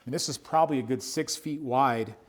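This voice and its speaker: A man in a real estate role gives an upbeat, casual walkthrough of a house. He talks as he walks from room to room and points out details along the way. His voice sits at an ordinary middle pitch. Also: brisk. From United States. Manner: enthusiastic, chatty, points things out as he walks. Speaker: real estate broker giving a home tour. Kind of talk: walkthrough home tour narration. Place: indoors in a large house, walking room to room.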